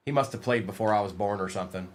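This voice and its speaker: A man with a fairly low voice races through a live card-break stream, announcing player names as packs open and playfully teasing the chat.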